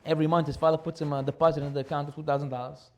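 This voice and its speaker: A man's voice: fairly high pitch, rapid-fire. A man giving a sermon as a rabbi, telling stories animatedly and repeating key phrases for emphasis. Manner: animated storytelling with repetition for emphasis.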